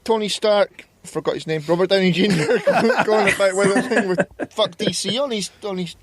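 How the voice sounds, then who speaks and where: A man's voice: sits high, moderate pace. A man co-hosting a podcast in casual chat, blunt and sardonic. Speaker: podcast co-host.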